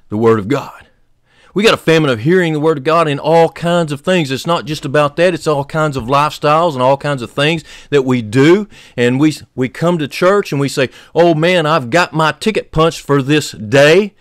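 A man's voice: normal speed, no room sound. Fervent male preacher, dry close sound. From United States. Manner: fervent preaching, rising loud on key points, dropping low and soft. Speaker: pastor. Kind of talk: sermon.

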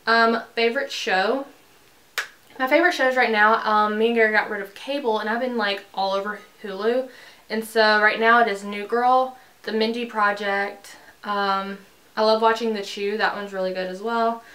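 A woman's voice: mid-range voice, steady tone, a little slow, bright, forceful tone. A young woman chatting casually to camera in a bubbly, rambling way, full of fillers, filming a tag video at home. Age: young adult. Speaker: beauty vlogger. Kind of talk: casual chat. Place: bedroom in her house.

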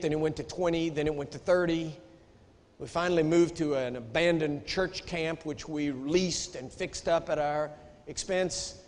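American man, preacher, sermon, emphatic storytelling, high voice, hall reverb. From United States. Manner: emphatic storytelling, voice rising in outrage. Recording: echoey hall.

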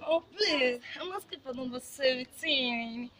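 A woman's voice: high-pitched, measured pace, fairly bright tone, a little hiss or hum. A woman playing a lost visitor in a comedy skit, speaking in a prim, affected way. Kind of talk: comic skit dialogue.

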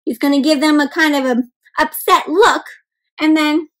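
A woman's voice: high-pitched, steady tone, moderate pace, poor audio. A woman reading a picture book aloud to children, asking them questions and calling them "my friends" in an encouraging, teacher-like way. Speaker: children's story reader. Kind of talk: interactive read-aloud for kids.

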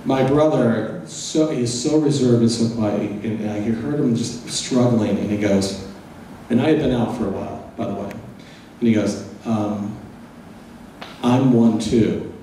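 A man's voice: mid-range voice, measured pace, dark tone, slight background noise. A middle-aged man giving a personal storytelling lecture, candid and mixing in humor. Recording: echoey hall, voice from far off.

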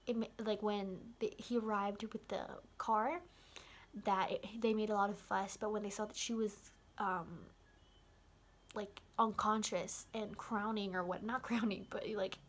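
A young woman casually recapping a film's ending, rambling with lots of "like" and excited asides. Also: mid-range voice, a little slow. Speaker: vlogger.

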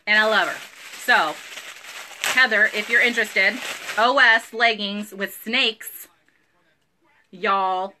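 Woman, 30s, bubbly live seller; bright, lively, slightly high voice. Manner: bubbly, chatty, giggly, uses y'all. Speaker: live online clothing seller. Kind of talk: live sales stream chat.

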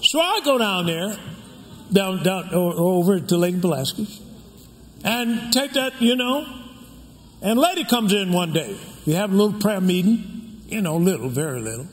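High-pitched older preacher in an echoey hall. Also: male voice, animated, moderate pace. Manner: call-and-response preaching, asks the congregation to finish lines. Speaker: pastor. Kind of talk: sermon. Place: church sanctuary. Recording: echoey hall with background noise.

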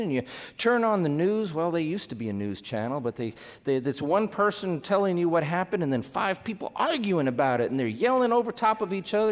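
A man's voice: on the high side, in a large hall. A man hosting a live folk concert, chatting and telling a folksy joke from the stage of an opera house. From United States. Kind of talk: onstage patter and storytelling between songs.

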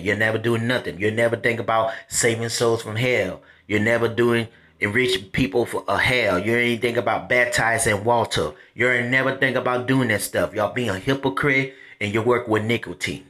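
A man preaching informally to his critics, repeating himself and reading scripture slowly word by word. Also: medium pitch, fairly bright tone. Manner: repetitive, confrontational, reads scripture slowly word by word. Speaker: self-made preacher addressing his critics.

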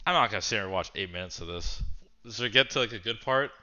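A young man streaming, chatting casually in an animated, slangy way. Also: lowish voice, fast talker, lo-fi sound.

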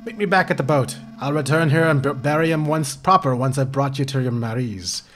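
A man's voice: medium pitch, brisk, a bit bright, faint music behind, close to an everyday voice. A man reading a grieving, earnest sailor. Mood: solemn. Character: grieving male sailor, solemn and thankful.

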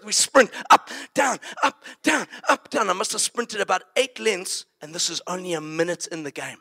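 A man preaching, telling a story in an animated way and acting it out. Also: high-pitched, creaky. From South Africa. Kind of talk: sermon storytelling.

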